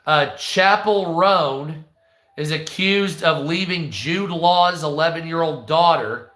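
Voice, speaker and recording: A man's voice: on the high side, takes it slowly, pushed and bright. An American man hosting a live stream, ranting bluntly and profanely and answering his chat in casual commentary. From United States. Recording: echoey room.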